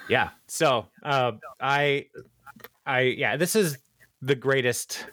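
A man's voice: mid-range voice, slow pace, fairly bright tone, no room sound, studio quality. A man co-hosting a podcast in casual chat, joking and slipping into mock speeches. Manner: playful, jokey, with mock speeches. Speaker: podcast co-host.

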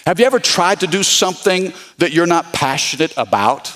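A man's voice: a little high, animated, brisk, a bit bright. A man preaching a sermon as pastor, repeating his key points and calling out to the congregation.

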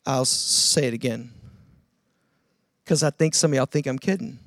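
A man preaching a sermon, calling on the audience to answer and swinging between loud urging and hushed emphasis. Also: medium pitch, moderate pace, dry recording, clean studio sound. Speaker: pastor.

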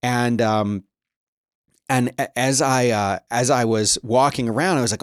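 Middle-aged male host, mid-pitch voice, chatty news commentary with exasperated rants, dry close sound. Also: a little slow, smooth, dry recording. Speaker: podcast host.

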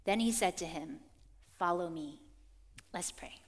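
A young adult woman preaching a sermon, telling personal stories in an animated way and acting out quotes. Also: on the low side, a little slow. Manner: animated storytelling, acts out quotes. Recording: long reverb of a church hall.

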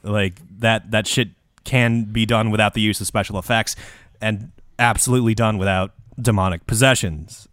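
A man's voice: on the low side, fairly bright tone, no echo, studio quality. Sweary ranting male podcast host. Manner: ranting, sweary, explains with confident asides. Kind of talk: casual comedy podcast chat.

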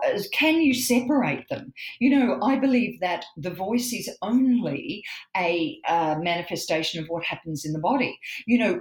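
A woman's voice: mid-range voice, echoey room, low-quality recording. A woman, explaining voice in an interview as an expert guest, emphatic and demonstrative.

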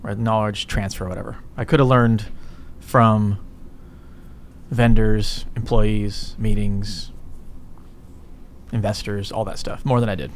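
A middle-aged entrepreneur, interviewed as a business guest, speaks in a low, steady voice at a measured pace, pausing often. He rambles casually, swears a lot, and caps his points with "right?", with slight background noise present.

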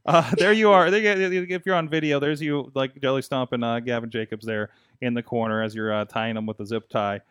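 A man's voice: medium pitch, fairly even intonation, fairly quick, few pauses, fairly bright tone, clean tone, no echo. Male podcast host, hesitant, dry sound. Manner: hesitant, filler-heavy questions. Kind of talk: casual podcast chat.

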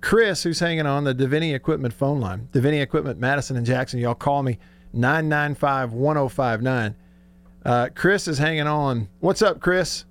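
A man hosting a sports talk radio show, telling stories excitedly and laughing often. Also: mid-range voice, moderate pace, no room sound.

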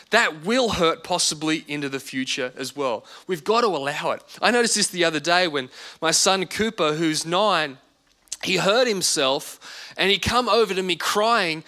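A man's voice: on the high side, animated, unhurried, sharp tone. A man in his thirties preaching a sermon as pastor, earnest and repeating words for emphasis.

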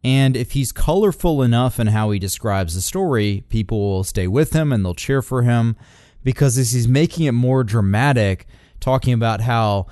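A man giving casual commentary on a speech clip, relaxed and full of fillers. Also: mid-range voice, normal speed, dry recording, studio quality. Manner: relaxed, many fillers, breaks off to mimic quotes.

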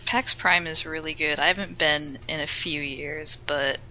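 A woman's voice: deep voice, fairly even intonation, a little slow, pushed and bright, a little hiss or hum, poor audio. A woman guest on a podcast in casual chat, adding short remarks. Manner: brief reactions and short remarks.

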